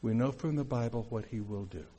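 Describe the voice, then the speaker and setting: A man's voice: mid-range voice, a little fast, warm tone, breathy edge. A male pastor preaching a sermon in a conversational way, with asides and questions to the congregation.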